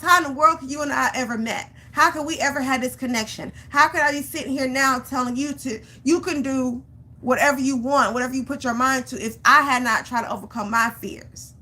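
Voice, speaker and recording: Bright-voiced woman giving a pep talk. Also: high-pitched. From Georgia, US. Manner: animated storytelling, acts out her own panic; repeats phrases for emphasis. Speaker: vlogger. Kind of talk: motivational vlog talk.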